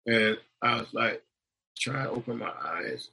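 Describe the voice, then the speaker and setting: A man's voice: mid-range voice, lively intonation, unhurried, gravelly, pushed and bright, breathy edge, low-quality recording. A man telling a personal story in a rambling, conversational way, acting out the voices of the people in it. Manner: rambling, with restarts and acted-out quotes. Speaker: storyteller recounting near-death experience. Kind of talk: casual spoken testimony.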